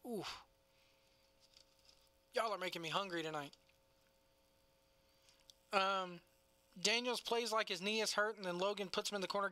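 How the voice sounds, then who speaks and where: A man's voice: high voice, pushed and bright, no echo. A man co-hosting a casual wrestling review podcast, laughing often and talking in a loose, cussing way. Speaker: podcast co-host.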